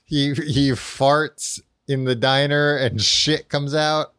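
A man co-hosting a podcast, walking through a book's plot in loose, rambling casual chat. He leans on fillers and restarts and laughs often. His voice sits at an ordinary middle pitch, and the recording is dry and close. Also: steady tone, slow pace, fairly bright tone, clean tone, dry recording. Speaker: podcast co-host. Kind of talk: casual chat recapping a book.

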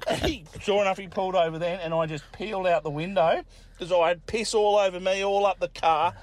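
A man's voice: high-pitched, steady tone, brisk, heavy background noise. A man with an Australian accent, a listener who sent in a recording, telling a crude story in a casual way, swearing heavily and laughing. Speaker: caller sending in a story.

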